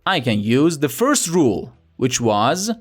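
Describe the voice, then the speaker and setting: A man's voice: mid-range voice, sing-song, a little slow. A young man teaching a language lesson in a playful, chatty way, asking rhetorical questions. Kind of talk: scripted lesson narration.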